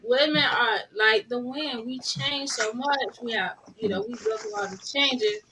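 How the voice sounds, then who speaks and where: A woman's voice: on the high side, unhurried, crowd noise, poor audio. A woman in a casual group discussion, responding in an affirming, reflective way. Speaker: discussion participant. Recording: clear background noise with clicks.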